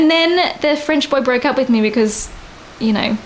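High, giggly woman. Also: normal speed, slight background noise, poor audio. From Australia. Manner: giggly, rambling, laughs often. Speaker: guest. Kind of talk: casual storytelling chat.

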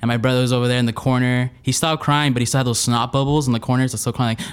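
A man's voice: medium pitch, very fast, clean tone. Rambling young man telling a story. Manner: rambling, many restarts, animated retelling. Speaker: storyteller guest. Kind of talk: casual personal storytelling.

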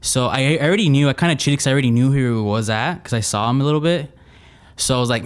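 A young man appearing as a storytelling guest tells a funny personal story fast in a medium-pitched voice. His casual, rambling retelling is animated and full of restarts.

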